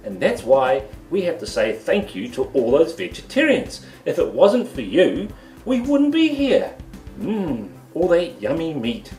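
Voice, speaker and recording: A man's voice: a little high, wildly swooping pitch, a little slow, a little mellow, roomy sound, faint music behind. A man with a New Zealand accent hosting a goofy comedic cooking show from his home kitchen, full of playful sing-song exclamations.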